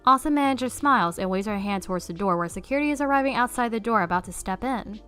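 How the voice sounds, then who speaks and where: A woman reading online stories aloud as a narrator in a steady storytelling way. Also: fairly high pitch, fast, smooth, faint music behind.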